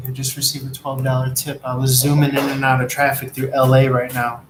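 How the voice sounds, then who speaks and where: A man's voice: medium pitch, monotone, brisk, hardly any pauses, poor audio. A man giving a rambling, profane, streetwise spiritual monologue while riding an e-scooter in traffic. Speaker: tarot reader and delivery rider.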